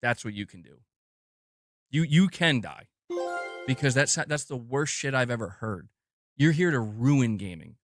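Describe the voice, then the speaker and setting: A man ranting on a podcast, heated and profane, worked up and fast to vent. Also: mid-range voice, animated, no echo, soft background music.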